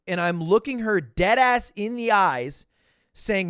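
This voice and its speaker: A young man livestreaming, casually telling a story to his chat, swinging between loud bursts and low asides and acting out the dialogue. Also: expressive, takes it slowly, clean tone, dry recording, studio quality. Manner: acts out quoted dialogue.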